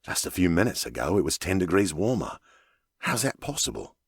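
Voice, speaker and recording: Guy doing a doubtful joking pilot, mumbly, super low voice, audiobook. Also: very animated, fairly quick, slightly rough, no echo, clean studio sound, heavily acted. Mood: uneasy. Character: male pilot, wry and doubtful. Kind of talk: audiobook character voice.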